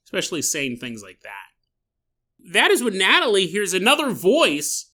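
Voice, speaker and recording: A man hosting a solo podcast, telling a strange story in a jokey, animated way, laughing often, with a sore throat. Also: high-pitched. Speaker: podcast host.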